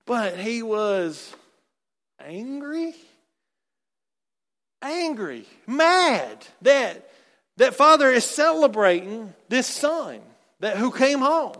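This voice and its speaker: High-voiced man preaching in a hall. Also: extremely slow, pauses often. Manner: animated, conversational preaching with asides. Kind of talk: sermon. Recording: long reverb of a large hall.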